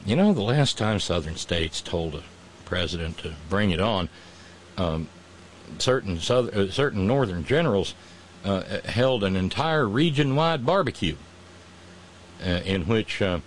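Sarcastic guy doing a political rant, voice jumps all over, lots of slow pauses. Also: fairly low pitch, expressive. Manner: sardonic, mocking, drawn-out pauses. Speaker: comedic commentator. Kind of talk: satirical political monologue.

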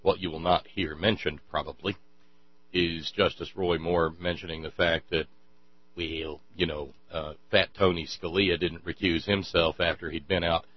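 A man hosting a political talk show, giving mocking, scornful commentary over played clips. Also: dry recording. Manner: mocking, scornful, shouts in falsetto mockery. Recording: dull lo-fi audio with mains hum.

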